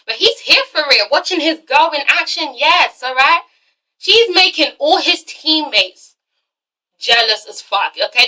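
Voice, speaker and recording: A woman recapping a TV episode in a casual vlog, excitable and profane, acting out the characters in quick asides. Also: a little high, low-quality recording. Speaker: TV episode reviewer.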